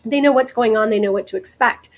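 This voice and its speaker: A woman from the American Deep South, a guest hypnotist telling stories in a casual interview, chatty and quick to laugh. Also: rough recording. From Deep South, United States. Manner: chatty, laughs often, lively asides.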